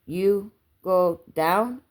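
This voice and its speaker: A woman voicing a small excited boy who asks the same halting question over and over. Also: on the low side, pitched above the performer's own voice. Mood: teasing. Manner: slow, halting, giggly questions.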